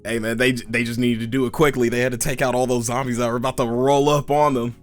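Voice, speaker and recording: A man's voice: medium pitch, little pitch movement, fast, soft background music. A man hosting a casual interview, laid-back, swearing freely and laughing often. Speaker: podcast host.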